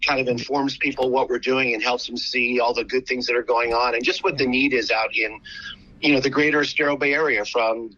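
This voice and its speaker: A charity founder with an American accent, telling animated stories with many restarts in a radio interview. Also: male voice, medium pitch, a little fast, muffled recording.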